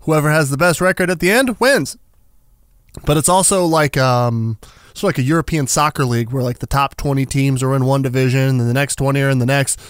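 A man's voice: mid-range voice, brisk, clear, resonant tone, no room sound, clean studio sound. A man hosting a casual radio news and chat segment, joking and laughing often. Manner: jokey, laughs often, animated. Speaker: radio show host.

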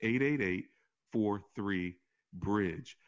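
A man who is a pastor, hosting a call-in faith talk show and telling stories in an animated way, his voice often jumping higher. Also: very slow, highs cut off. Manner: animated storytelling with sudden rises in pitch. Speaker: pastor and radio show host.

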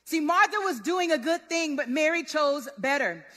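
A woman preaching a sermon in a lively, conversational, relatable way. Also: sits high, moderate pace. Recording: long hall reverb.

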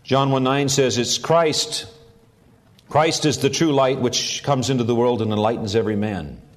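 A man's voice: mid-range voice, normal speed. Earnest man preaching a sermon. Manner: earnest preaching with rising emphasis on key phrases. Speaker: pastor.

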